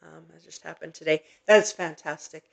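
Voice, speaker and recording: A woman hosting a live-streamed spirit reading as a psychic medium, speaking gently and earnestly with many hesitant fillers, and audibly moved at times. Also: low voice, moderate pace, vocal fry. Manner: emotionally moved, softly reassuring.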